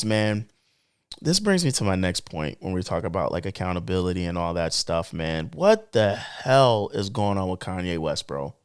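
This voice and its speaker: A young man co-hosting a podcast, talking in an emphatic, animated way that swings between low drawn-out remarks and excited bursts. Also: clean tone. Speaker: podcast co-host. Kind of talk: casual podcast commentary.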